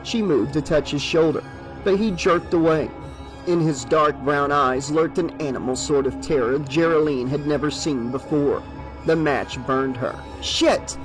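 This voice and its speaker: A man giving a steady, measured audiobook narration of a horror novel. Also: fairly high pitch, music in the background, poor audio.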